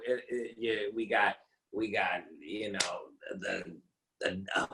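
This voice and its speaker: A man's voice: on the low side, steady tone, slow, vocal fry, bright, forceful tone, slight background noise. An American man, a music producer, joking around in a laid-back way over a video call, stumbling over his words. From USA. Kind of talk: casual remote interview. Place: home in Los Angeles.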